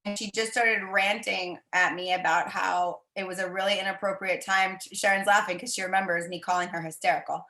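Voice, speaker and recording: A bright, clear-toned woman tells a story on a video call. She talks in a chatty, animated way and slips into the voices she quotes, with a roomy echo around her. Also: mid-range voice, fairly quick, hardly any pauses. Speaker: team member sharing a story.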